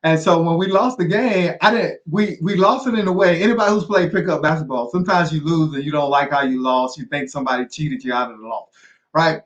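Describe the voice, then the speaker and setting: A man's voice: on the high side, brisk, lo-fi sound. A middle-aged man speaking as an interview guest, sharing a personal story earnestly and repeating key phrases for weight.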